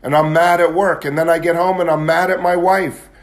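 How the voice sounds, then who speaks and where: A man's voice: on the high side, little pitch movement, a little fast. A man giving a candid, confessional talk at a recovery meeting, at times building into agitated intensity. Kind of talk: personal testimony talk.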